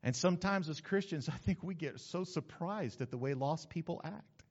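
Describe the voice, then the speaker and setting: A man preaching a sermon as pastor, lively and conversational with asides to the congregation. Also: a little high, normal speed, husky. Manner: animated preaching with asides and acted-out quotes. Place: church sanctuary. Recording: dull sound with long hall reverb.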